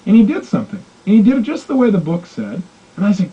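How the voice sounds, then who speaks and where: A man coaching in a self-help audio program, telling animated stories and acting out the dialogue. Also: sits high, fast talker, slightly rough, muffled recording. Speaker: motivational coach.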